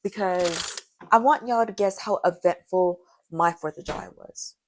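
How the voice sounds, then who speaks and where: A young woman in her late teens, with a hoarse voice that sounds deep to her, chatting in a rambling, self-mocking way while she bakes for a vlog. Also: a little slow, a little hiss or hum. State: hoarse from karaoke. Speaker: vlogger. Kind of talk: casual baking vlog chat.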